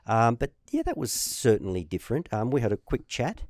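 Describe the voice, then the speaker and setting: A man's voice: medium pitch, a little fast, no room sound, clean studio sound. An Australian man in his fifties, a former tennis player, telling stories as a guest in casual chat, acting out what people said. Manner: lively storyteller, acts out quotes.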